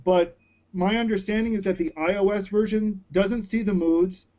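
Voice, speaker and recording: A man's voice: high-pitched, fairly even intonation, moderate pace, mellow. A man on a panel show, talking casually with sarcastic emphasis over a video call.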